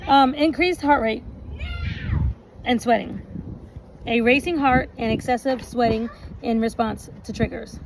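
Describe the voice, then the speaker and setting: A woman recording a relationship vlog outdoors, reading out points slowly and adding chatty asides. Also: fairly high pitch, gravelly. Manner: reads lists slowly, adds chatty asides. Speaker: relationship vlogger. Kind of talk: casual talk, reading points aloud. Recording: outdoor recording with noticeable background noise.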